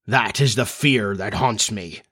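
Man playing a brooding pirate captain, slow, commanding, heavy, storybook. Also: mid-range voice, a bit bright.

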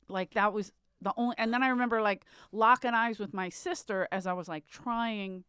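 Philly lady comic telling wild stories, swears a lot, does all the voices, super clear dry mic. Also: fairly high pitch, a little fast, no echo. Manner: animated, swears, acts out quotes in voices. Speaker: comedian guest. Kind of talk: casual storytelling chat.

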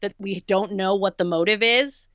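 A woman co-hosting a podcast, giving a measured, thoughtful take on a horror film. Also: medium pitch, fairly bright tone, clear, resonant tone, dry recording, muffled recording. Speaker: podcast co-host. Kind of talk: casual film discussion.

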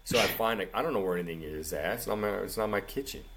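Deep-voiced man telling a rambling story. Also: quick pace, crowd noise. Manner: animated, rambling, says "dude" constantly. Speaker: podcast co-host. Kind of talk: casual storytelling chat.

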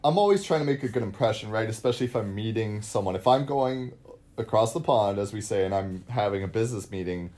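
A man playing a sincere businessman in a comedy sketch, his voice on the low side. He asks careful, polite questions about making a good impression. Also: lively intonation, quick pace, a little mellow.

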